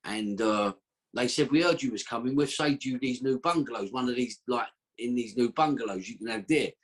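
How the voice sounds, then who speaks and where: A man's voice: mid-range voice, a little fast. A man telling a long story as a podcast guest, rambling and slangy, with a streetwise way of talking. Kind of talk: casual storytelling.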